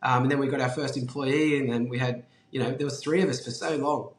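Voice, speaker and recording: A business founder appearing as an interview guest tells casual stories, chatty and often laughing, with some offhand swearing. His mid-range voice is steady in tone and fast, recorded in an echoey room.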